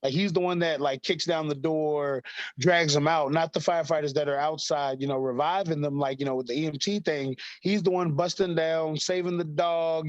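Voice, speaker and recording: A man in his thirties chatting as an interview guest, his voice sitting a little high. He rambles, laughs often and fills gaps with "like" and "you know". The sound is dry and a bit muffled. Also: no room sound. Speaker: guest, fighter. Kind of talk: casual interview chat.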